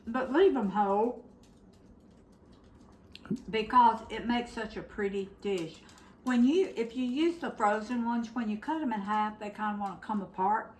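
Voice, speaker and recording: A woman's voice: fairly high pitch, a little slow, a little hiss or hum. An older woman, hosting a casual home cooking demo in her kitchen and chatting straight to her viewers. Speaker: cooking show host.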